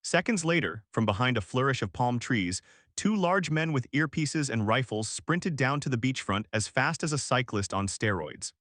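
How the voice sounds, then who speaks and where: A male audiobook narrator with a mid-pitched voice, recorded close and dry. He reads in a steady, even storytelling manner. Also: moderate pace, no room sound. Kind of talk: scripted narration.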